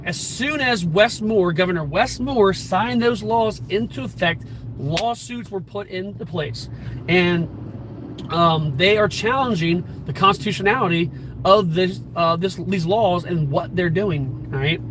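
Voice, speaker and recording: A man with a high voice speaks as a firearms instructor, talking casually in plain, everyday words. He often stops and restarts his sentences, filling the gaps as he goes. He records from inside his car, with faint traffic noise in the background. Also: unhurried. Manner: conversational, plain-spoken, frequent restarts and fillers. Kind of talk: casual explanatory vlog.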